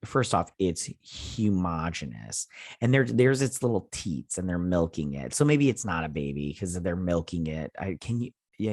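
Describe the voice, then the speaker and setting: A man's voice: low-pitched, a little mellow, no room sound, clean studio sound. A man hosting a TV review channel, casually recapping an episode in a rambling, chatty way with plenty of fillers and restarts. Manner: acts out characters' lines in quick impressions.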